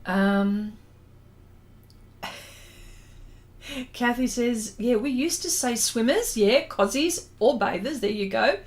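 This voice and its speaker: An Australian woman chats her way through a drawing livestream at a slow, unhurried pace. Her voice sits a little high, and she reads viewer comments aloud and laughs often. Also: expressive. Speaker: artist hosting a drawing livestream. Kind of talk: casual livestream chat.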